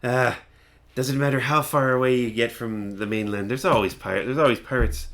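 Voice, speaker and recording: A man voicing an eccentric, rambling hermit who jumps between a booming deep voice and a high cackle. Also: fairly even intonation, moderate pace, a bit bright, natural voice.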